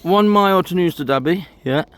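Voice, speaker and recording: A man with a high, fairly bright voice talks a little fast while walking outdoors. As a vlogger on a disused railway trail, he keeps up chatty commentary and points things out to the camera.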